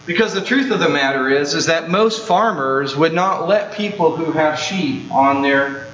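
A male pastor preaching a sermon, slow and emphatic, dwelling on repeated phrases. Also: on the high side, fairly bright tone. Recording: roomy, dull sound with mains hum.

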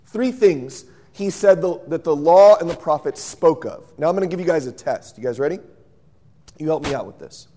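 Lively high-voiced male preacher. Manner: lively storyteller, acts out scenes and quizzes the audience. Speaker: pastor. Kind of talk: sermon.

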